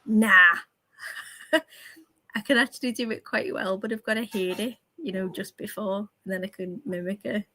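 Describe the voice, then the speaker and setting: Loud, sweary woman telling stories. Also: medium pitch, steady tone, moderate pace, poor audio. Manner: loud, laughing, sweary storytelling. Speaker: streamer panel guest. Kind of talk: casual livestream chat.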